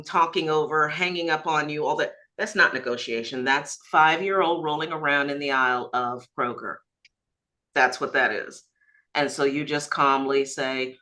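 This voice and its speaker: Bright emphatic woman broker coaching. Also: low-pitched, poor audio. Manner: emphatic, lively, laughs easily. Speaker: managing broker leading a training call. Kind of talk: instructive group coaching. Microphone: video call.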